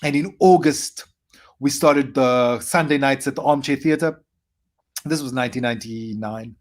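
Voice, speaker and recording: A South African man in his forties, a comedian guest, telling animated stories with quick asides. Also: medium pitch. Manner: animated anecdotes with quick asides and playful acted quotes. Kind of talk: storytelling interview.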